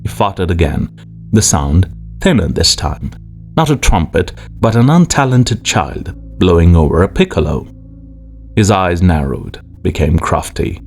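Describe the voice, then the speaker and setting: A man narrating an audiobook in a measured, expressive way. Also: deep voice, creaky. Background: faint music.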